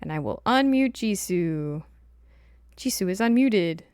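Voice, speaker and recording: A woman's voice: mid-range voice, a little slow, clear, resonant tone, dry recording. A woman hosting a livestream, chatting casually and telling stories with lots of laughter. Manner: laughs often, animated storytelling. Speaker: streamer host.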